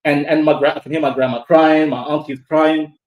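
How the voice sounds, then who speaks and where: A young Somali man tells a spooky story to a group of friends, casual and animated, full of swearing, repetitions and restarts. His voice is fairly high and a little fast. The recording sounds muffled.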